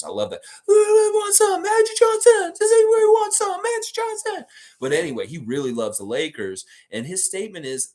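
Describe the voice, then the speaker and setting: A man hosting a live basketball stream, chatting with viewers and telling an improvised story, slipping into quick character voices. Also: fairly low pitch. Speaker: sports podcast host.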